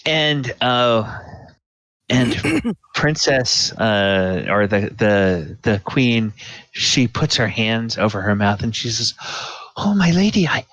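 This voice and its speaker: A man narrating a tabletop game as game master, in slow, halting speech full of fillers. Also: fairly low pitch, a bit bright, no room sound. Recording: dull lo-fi dry recording.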